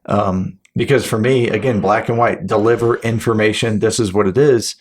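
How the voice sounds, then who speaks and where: Man, low-ish voice, rambling podcast host; casual, profane, restarts often. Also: steady tone, normal speed. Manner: rambling, restarts sentences, swears freely; acts out his partner's replies. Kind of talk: casual chat.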